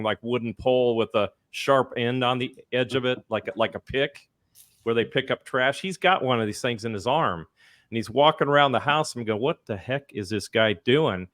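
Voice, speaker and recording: A man's voice: mid-range voice, a bit bright, no room sound, clean studio sound. A man hosting a podcast, telling a story in a rambling, chatty way. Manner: rambling, chatty, many fillers and restarts. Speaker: podcast host. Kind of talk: casual storytelling.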